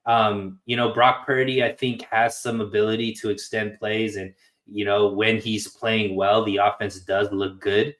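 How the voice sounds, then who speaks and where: A man's voice: lowish voice, flat delivery, measured pace, fairly bright tone. A man co-hosting a sports podcast over a video call, talking loosely and rambling with plenty of fillers. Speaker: podcast co-host. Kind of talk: casual sports chat.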